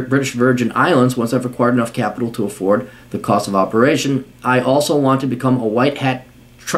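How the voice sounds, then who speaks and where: A man reading a listener's letter aloud on his podcast and breaking off into angry, profane, scornful rants. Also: mid-range voice. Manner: scornful, swearing, shouting bursts.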